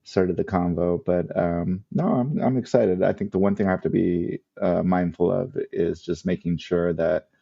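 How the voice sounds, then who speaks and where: Gravelly low-voiced man, rambling casually. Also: fairly even intonation, moderate pace, few pauses, dark tone, lo-fi sound. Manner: rambling, self-deprecating, laughs often. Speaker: podcast co-host. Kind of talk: casual chat.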